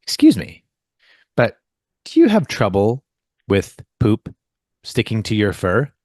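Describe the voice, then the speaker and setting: A man's voice: on the low side, huge pitch swings, slow pace, darkish tone, no echo, clean studio sound, pitched below the performer's own voice, exaggerated voice. A man voicing an overly polite male bear in a spoken joke, with a mock-courteous manner.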